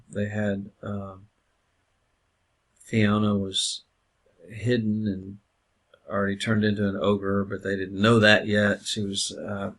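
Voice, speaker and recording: A man's voice: fairly low pitch, vocal fry, fairly bright tone. A man teaching a counseling class in a casual, conversational lecture style, with lots of filler words. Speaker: counseling instructor. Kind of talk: recorded lecture.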